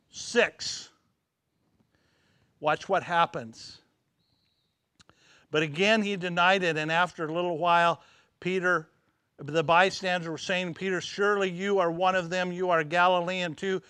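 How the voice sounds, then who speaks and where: A man preaching a sermon, acting out scenes dramatically and dropping to hushed tones at emotional moments. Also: high voice, clean tone, no echo, studio quality. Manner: dramatic, swings from loud exclamations to hushed near-whispers.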